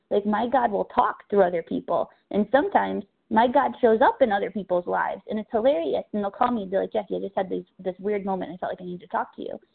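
A woman talks openly at a recovery meeting, pausing often to find her words. Her voice has a gravelly fry. It comes through a narrow, tinny phone line. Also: medium pitch. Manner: halting, searching for words, candid. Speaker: recovery meeting member sharing. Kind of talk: personal share on a phone meeting.

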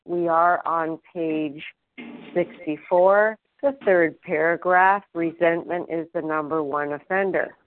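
A woman's voice: fairly low pitch, steady tone, slow, no room sound. Polite woman chairing a phone meeting. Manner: polite, procedural, careful. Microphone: phone call. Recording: tinny phone line.

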